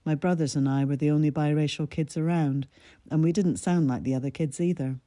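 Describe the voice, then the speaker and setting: A woman from Scotland reading her own personal essay aloud in a measured, reflective way. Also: low-pitched, steady tone, mellow, no room sound, clean studio sound.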